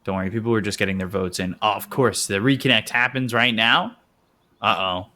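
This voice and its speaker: A man's voice: fairly low pitch, steady tone, brisk, sharp tone. An American man casting a live esports match with playful, teasing banter on a headset. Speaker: esports caster. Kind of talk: live game commentary.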